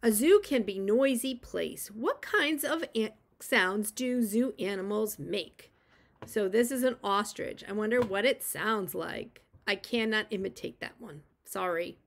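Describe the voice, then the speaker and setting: A woman who teaches preschool, reading a picture book aloud to young children and gently encouraging them to join in. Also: mid-range voice, animated, measured pace.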